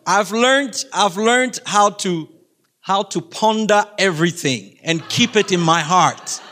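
A man's voice: high voice, slow, bright, forceful tone. A middle-aged man giving a humorous faith talk to a school audience, chatty and laughing, often asking the listeners questions. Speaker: guest speaker.

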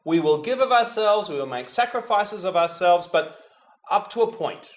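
A man preaching a reflective, prayerful homily, speaking directly to Jesus and dropping to a hush whenever he says the name, with touches of gentle humor. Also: high-pitched, lively intonation, moderate pace.

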